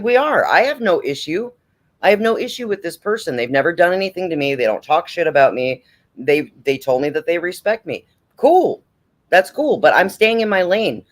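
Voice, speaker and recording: A man hosting a late-night livestream in casual chat, blunt, profane and preachy. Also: high-pitched. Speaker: livestream host.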